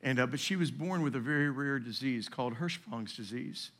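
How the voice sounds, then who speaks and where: Man preaching with loud and hushed swings. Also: lively intonation, a little fast. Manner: swings from loud emphatic peaks to hushed low storytelling. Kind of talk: sermon. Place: church sanctuary.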